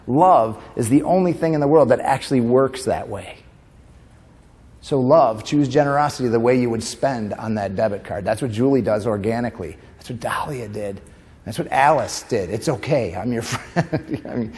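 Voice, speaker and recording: Man telling stories in a reverberant hall. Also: mid-range voice. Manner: emotive storyteller, mixing tender moments with animated comic bits. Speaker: comedian and motivational speaker. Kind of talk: keynote speech at a conference. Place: conference hall.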